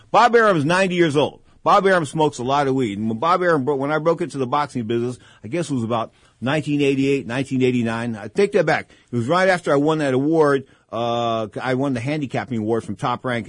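A man's voice: medium pitch, no echo. A man in his sixties hosting a radio talk show, telling long, rambling stories that drift from topic to topic. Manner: rambling, digressive storytelling.

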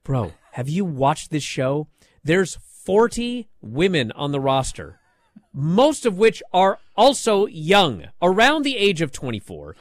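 A man co-hosting a casual podcast, ranting in an animated, exasperated way and mocking lines by reading them aloud. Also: a little high, slow pace, dry recording. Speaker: podcast co-host. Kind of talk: casual wrestling discussion.

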